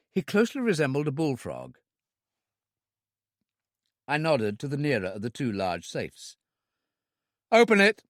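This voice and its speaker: Guy narrating a thriller audiobook, dry close sound, kinda high voice, wry and measured. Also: dry recording. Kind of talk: scripted first-person narration.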